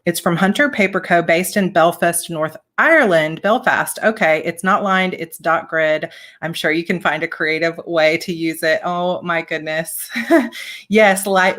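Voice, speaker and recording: A woman's voice: lowish voice, fairly bright tone. A woman hosting a casual live chat, opening fan mail and gushing, tearful and laughing often. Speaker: author and channel host.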